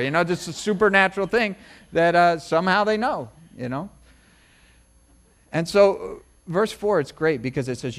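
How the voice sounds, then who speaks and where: A man's voice: fairly high pitch, a bit bright. A middle-aged man preaching as a pastor, in a conversational sermon full of asides and personal stories. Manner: chatty, storytelling, many asides. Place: church service.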